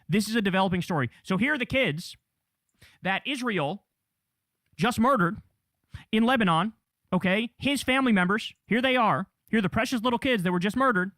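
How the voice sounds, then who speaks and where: A man's voice: high-pitched, lively intonation, brisk, pushed and bright, dry recording, clean studio sound. A man hosting a live political news stream, ranting heatedly and swearing as he reads headlines. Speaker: political show host.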